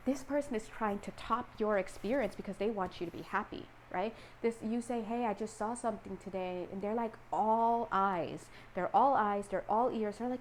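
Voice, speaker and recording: A woman's voice: medium pitch, moderate pace, hardly any pauses, a little hiss or hum, low-quality recording. A woman giving a casual tarot reading, talking animatedly and acting out little quoted voices. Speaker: tarot reader.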